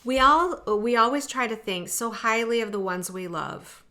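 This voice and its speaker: A woman's voice: a little high, animated, normal speed, pushed and bright. A middle-aged woman giving a casual oracle card reading, chatty and heartfelt, reading aloud from a guidebook and adding her own asides. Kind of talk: casual tarot-style reading to camera.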